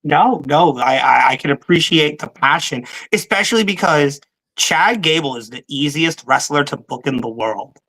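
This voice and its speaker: A podcast co-host giving quick, opinionated takes on wrestling booking. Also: medium pitch, a bit bright, low-quality recording. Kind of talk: casual wrestling podcast talk.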